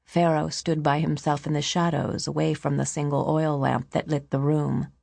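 A woman narrating an audiobook in a measured storytelling manner. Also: deep voice, level tone, gravelly, darkish tone, no echo.

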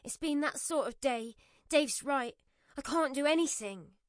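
A woman narrator voicing a flustered, self-blaming young mother in an audiobook, her voice high and strained. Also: lively intonation, unhurried, no echo, studio quality. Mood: distraught. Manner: frantic, self-critical outbursts.

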